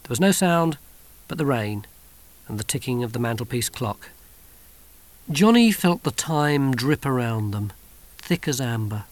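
A man reading a novel aloud in measured, wry audiobook narration. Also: mid-range voice, lively intonation.

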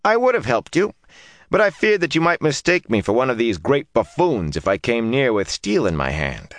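A man's voice: mid-range voice, sing-song, normal speed, no echo, voice pushed up, natural voice. A man voicing a fierce outcast woman with an odd foreign way of speaking, scolding and scornful. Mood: indignant. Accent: odd foreign-sounding speech.

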